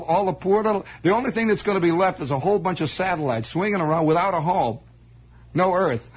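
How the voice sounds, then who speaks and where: Husky man spinning a rambling radio yarn. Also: fairly high pitch. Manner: digressive, chuckling, folksy, with many restarts. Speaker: radio host. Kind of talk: rambling radio storytelling monologue. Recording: dull lo-fi vintage radio broadcast.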